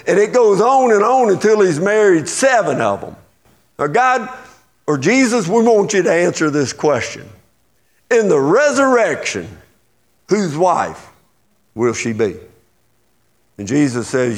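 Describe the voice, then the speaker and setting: A man with an East Texas accent preaches in a folksy, down-to-earth style. His fairly high voice swings widely as he acts out quotes and presses his points. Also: moderate pace. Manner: folksy, animated preaching with lively dramatized quotes. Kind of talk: sermon.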